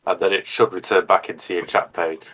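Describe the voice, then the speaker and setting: A man narrating calmly as game master. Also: low voice, fairly quick, lo-fi sound.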